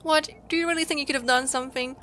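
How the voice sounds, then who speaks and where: A worried young engineer asks soft, coaxing questions in a high voice, as a woman reads the part. The tone stays gentle and careful. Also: steady tone, very fast, a little hiss or hum. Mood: urgent.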